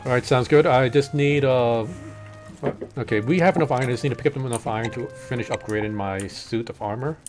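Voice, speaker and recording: A man in casual gaming chat on his stream, his voice sitting at an ordinary middle pitch. He explains game lore in a loose, rambling way, full of fillers and restarts. Soft game music plays faintly underneath. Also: a little fast.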